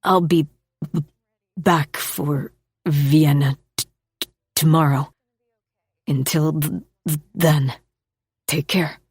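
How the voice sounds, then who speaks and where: A woman voicing a gentle, earnest young man who stutters on the starts of his words, in an audiobook. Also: deep voice, steady tone, slow, pauses often, breathy edge, no echo, exaggerated voice. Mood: hesitant.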